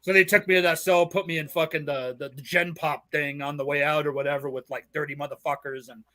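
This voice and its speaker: Socal dude telling wild stories, lots of swearing and laughing, bright kinda high voice. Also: male voice, fairly even intonation, quick pace. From Southern California. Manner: profane, rambling, laughs often. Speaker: podcast host. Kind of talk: casual storytelling chat.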